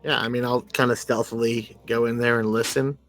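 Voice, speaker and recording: A man's voice: mid-range voice, level tone, fairly quick, a bit bright, faint music behind. A man playing a tabletop game, speaking in a plain, matter-of-fact way. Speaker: player. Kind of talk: casual tabletop game talk.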